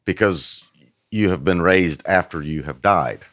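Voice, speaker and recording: A man with a very low voice, a podcast guest explaining the grammar of Greek scripture. He talks with emphasis and pauses on ums. The sound is dry and close. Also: fairly bright tone, dry recording. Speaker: guest scholar. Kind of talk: casual theological explanation.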